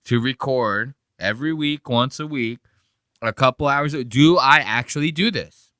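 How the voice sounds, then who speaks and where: A man's voice: medium pitch, a little slow, bright, forceful tone, no echo, studio quality. A man hosting a podcast, chatting in a rambling, joking and profane way. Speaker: podcast host. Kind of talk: casual podcast commentary.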